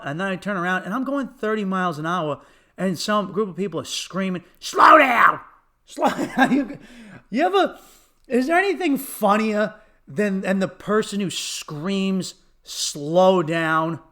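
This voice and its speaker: Man, comedian podcast host, high-pitched voice, swearing, laughing often, animated storytelling. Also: moderate pace. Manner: profane, laughing, animated retelling with acted quotes.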